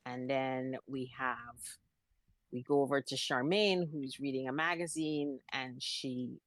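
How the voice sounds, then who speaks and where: A woman's voice: extremely low pitch, steady tone, measured pace, dry recording. A woman co-hosting a podcast, giving emphatic, opinionated commentary in casual chat. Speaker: podcast co-host.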